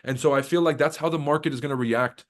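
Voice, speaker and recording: Fast and fairly high-pitched, a male trading stream host rants in a loose, profanity-heavy way. He mocks, cracks himself up, and then turns to discussing the market.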